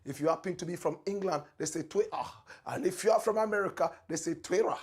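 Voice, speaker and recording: A Ghanaian man with a high, husky voice hosts a political talk show. He delivers it like a preacher, with big swings from loud, raised lines to low, quiet asides. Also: fast talker. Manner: preacherly, dramatic swings in pitch and loudness, repeated catchphrases. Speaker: show host.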